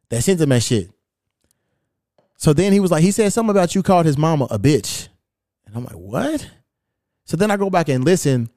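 This podcast host has a fairly high, slightly mellow voice, recorded dry at studio quality. He tells a story in casual chat, cursing freely and amusedly quoting texts aloud.

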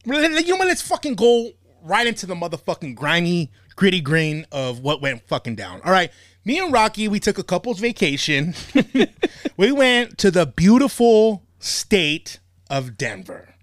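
A man's voice: high-pitched, moderate pace, no echo, clean studio sound. A man hosting a podcast, telling a story in a casual, profane way and laughing often. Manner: animated, swears a lot, laughs often. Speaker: podcast host.

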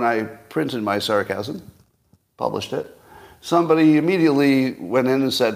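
A man's voice: medium pitch, moderate pace, vocal fry. A man in his sixties hosting a solo news commentary livestream, talking in a casual, sarcastic, rambling way with plenty of fillers. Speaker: podcast host.

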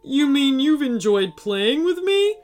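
A woman voicing a huge sulky male dragon in a children's story, with a slow, drawn-out growling delivery. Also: on the high side, very animated, soft background music. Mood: hopeful. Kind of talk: storybook character voice.

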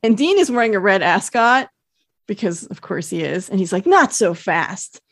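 A woman's voice: mid-range voice, animated, a little fast, no echo. A woman with a mid-range voice chats her way through a TV episode recap, laughing easily. She is recorded close and dry, with no room sound. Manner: chatty and giggly, quotes characters in a lightly acted voice. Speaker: podcast co-host. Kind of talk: casual episode recap chat.

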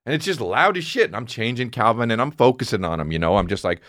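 A man in his thirties, a comedian telling a rambling, profane story in casual chat, mumbling low one moment and shouting the next. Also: fast talker, hardly any pauses, no room sound, studio quality. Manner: profane, animated, swings between mumbling and shouting.

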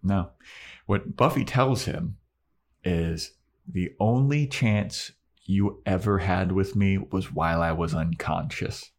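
Speaking slowly in a low-pitched voice, a male podcast co-host casually walks through an episode recap. He gets animated and performs the characters' quotes himself.

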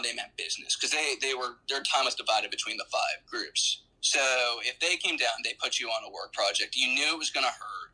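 A man's voice: mid-range voice, bright, forceful tone, husky, rough recording. A man as an interview guest, telling his story conversationally with many fillers and restarts.

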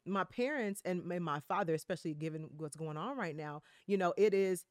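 A woman's voice: lowish voice, a little fast, no room sound, clean studio sound. A woman guest on a podcast, speaking earnestly and reflectively with frequent fillers and affirmations. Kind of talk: casual chat.

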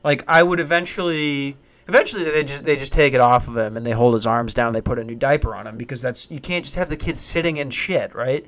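A man's voice: mid-range voice, fast talker, hardly any pauses, fairly bright tone. A man in his twenties delivers a loose, comedic monologue. He rambles, swears freely, and often trips over his own sentences before pushing on. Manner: rambling and profane, with frequent restarts.

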